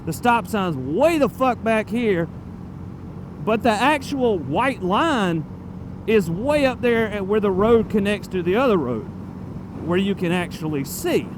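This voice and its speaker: A man's voice: high voice, lively intonation, measured pace. A man casually rambling to his viewers while riding a motorcycle through town, drifting off topic and swearing now and then. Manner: chatty, digressive, loose and profane. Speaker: motorcycle vlogger. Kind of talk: casual rambling vlog talk. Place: riding on a town road outdoors. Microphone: helmet-mounted camera mic. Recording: road and traffic noise outdoors.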